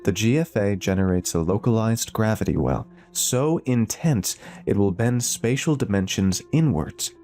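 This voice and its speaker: Calm, precise woman scientist, voiced by a male narrator, mellow and level. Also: lowish voice, moderate pace, faint music behind, lightly acted. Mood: explaining.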